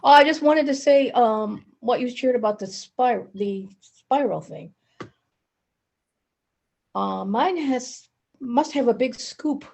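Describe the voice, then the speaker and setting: A woman sharing personal feelings in an online study group, halting and emotional, with many restarts, over a video call. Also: fairly high pitch, vocal fry, darkish tone.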